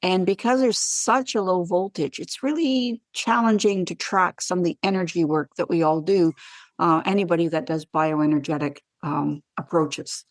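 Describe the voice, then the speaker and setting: A woman, a guest wellness practitioner on a podcast interview, who tells animated stories and acts out the dialogue. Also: fairly low pitch, moderate pace, dry recording. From Canada.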